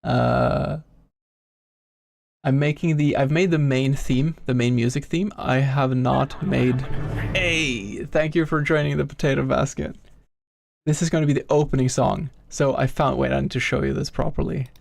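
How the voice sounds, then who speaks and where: A man's voice: medium pitch, steady tone, normal speed, vocal fry. A young man streaming live as a game developer, chatting with viewers, greeting them by name and muttering to himself while he works.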